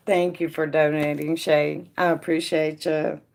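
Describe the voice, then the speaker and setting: A woman with a somewhat low voice hosts a casual live tarot reading. She talks to viewers by name in a loose, chatty way and sinks to a hushed murmur when she asks the cards her questions. A faint hiss sits behind her voice. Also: creaky. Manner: drops to a quiet murmur when asking the cards. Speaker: tarot reader and stream host.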